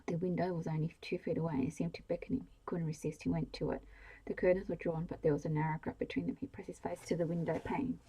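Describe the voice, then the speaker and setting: A woman reads a novel aloud in a soft, hushed bedtime ASMR manner. Her voice sits low and dark, with a gravelly, husky grain and very little rise and fall. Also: level tone, rough recording. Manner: slow, hushed reading of a novel. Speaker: storyteller.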